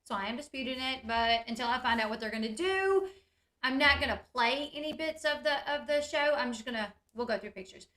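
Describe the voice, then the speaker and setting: A woman's voice: high voice, animated, fairly quick, a bit bright. A woman talking straight to her viewers in a casual, chatty recap, full of "like" and "you guys". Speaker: reality TV recap YouTuber. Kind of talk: casual reality-show recap.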